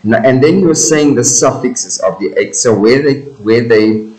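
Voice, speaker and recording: A man, teaching as he explains a poem line by line, slowly searching for words and rephrasing. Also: medium pitch, lively intonation, a little mellow, poor audio.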